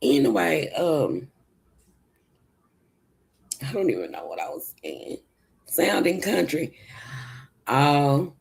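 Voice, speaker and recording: Woman, Southern US country accent, casual livestream chat, rambling, sleepy-sounding, gravelly fry, slow drawl. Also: sits low, huge pitch swings. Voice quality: sleepy, gravelly, sounds like she just woke up. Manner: rambling, reads and answers chat comments. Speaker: livestream host.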